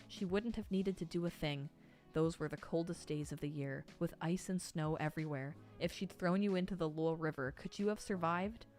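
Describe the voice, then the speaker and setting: An earnest, devoted young male master speaking with firm emphasis, as a woman reads him aloud. Her lowish voice stays close to her own. Faint music plays underneath the audiobook-style reading. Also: close to an everyday voice.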